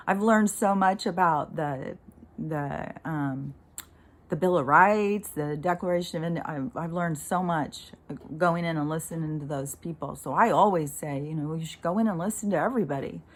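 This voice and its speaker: A woman vlogging in a casual, rambling monologue, exasperated and swearing freely as she talks. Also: on the low side. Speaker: spiritual vlogger.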